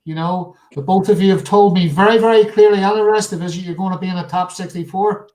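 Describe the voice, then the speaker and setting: High-voiced man teasing his guests. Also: steady tone, fast talker, a little mellow, poor audio. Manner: teasing, joking banter. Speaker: show host and interviewer. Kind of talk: casual live chat.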